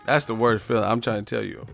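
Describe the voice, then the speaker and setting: A man hosting a boxing live stream, ranting casually and loudly, swearing, mocking and laughing often as he reads the chat. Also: lowish voice, gravelly.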